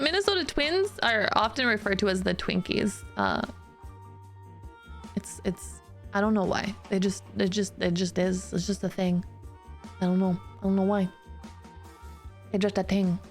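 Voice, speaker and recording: A chatty woman streamer talks easily at a middle pitch, giggling often and poking fun at herself. Her sentences restart and tumble on. Quiet music plays behind her. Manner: chatty, giggly, self-deprecating, quick restarts. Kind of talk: casual chat with stream chat.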